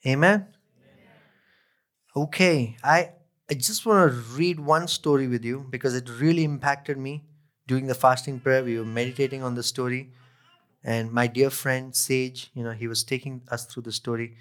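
A man's voice: mid-range voice, steady tone, normal speed, a bit bright. A male pastor preaching a sermon, reading scripture aloud, repeating key phrases and asking his listeners questions. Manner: asks the congregation questions.

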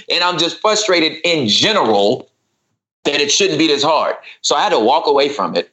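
A man with a bright, forceful voice, talking casually on a podcast. He tells his story with animation and acts out his own annoyance as he goes. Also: fairly high pitch, animated, normal speed, low-quality recording. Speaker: podcast guest. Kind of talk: casual chat.

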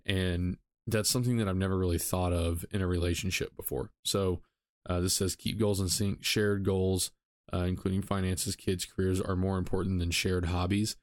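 A man's voice: low-pitched, level tone, moderate pace, dry recording, clean studio sound. A man hosting a solo podcast, talking casually with frequent ums and self-corrections. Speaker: podcast host.

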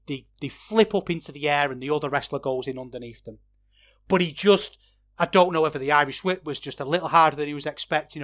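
A man who hosts a wrestling podcast reviews a match in a relaxed, conversational style, getting worked up whenever he launches into a rant. His voice sits a little on the high side.

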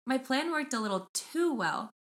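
A woman's voice: high voice, expressive, moderate pace, a bit bright. Young woman podcast cohost, chatty, does little voices when she retells stuff. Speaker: podcast co-host. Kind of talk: casual chat and reading a story aloud.

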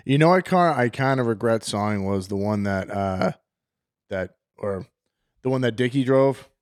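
A man co-hosting a casual chat, animated and stammering on his restarts, laughing often. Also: fairly low pitch, moderate pace. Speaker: co-host and racer.

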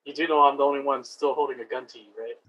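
A man playing a tabletop role-playing game, speaking bluntly and gruffly as his character. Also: medium pitch, fairly even intonation, rapid-fire, fairly bright tone. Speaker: player. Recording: dull lo-fi audio, faint noise.

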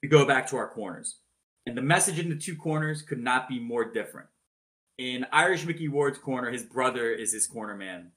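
A man with a bright, forceful voice narrates a boxing match for his podcast co-hosts. He talks casually, swears freely and keeps the story moving with plenty of energy. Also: medium pitch, brisk. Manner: animated, swears freely, acts out announcers' shouted calls.

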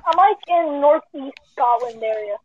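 A woman's voice: high voice, animated, normal speed, over a noisy crowd. A woman from California on a casual podcast call, dodgy and full of fillers. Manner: evasive, filler-heavy. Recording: muffled call audio.

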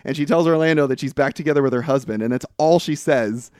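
A man casually recapping a movie on a podcast, lively and profane, breaking into mocking high outbursts. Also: brisk, hardly any pauses, smooth, no echo, studio quality. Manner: lively, swears, mimics characters in exaggerated high outbursts. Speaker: podcast co-host.

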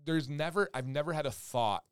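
A man in his thirties co-hosting a parenting podcast, telling stories with animated quoted voices and the odd swear word. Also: fairly high pitch, brisk, clean tone, no echo, studio quality. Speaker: podcast co-host. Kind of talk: casual chat.

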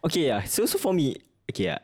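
A man's voice: on the high side, huge pitch swings, racing, a little mellow. A young man with a Singaporean English accent, co-hosting a podcast in casual banter, laughing often and restarting his sentences. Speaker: podcast co-host. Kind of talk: casual chat.

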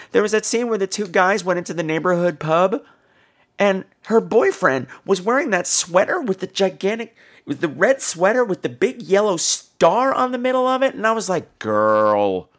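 Lively, rambling woman caller. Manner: animated, jumps into high-pitched impressions. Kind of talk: rambling voicemail storytelling.

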